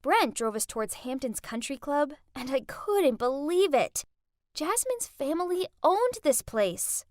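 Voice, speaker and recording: A woman narrating a first-person animated story in an expressive, dramatic manner. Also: high voice, unhurried, no room sound, studio quality.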